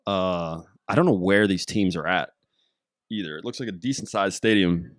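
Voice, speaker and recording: A young man hosting his own podcast, talking in a casual, excitable and jokey way that keeps drifting off topic. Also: low-pitched, normal speed, no echo, studio quality. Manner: excitable, jokey, easily sidetracked. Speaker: podcast host. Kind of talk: casual rambling podcast monologue.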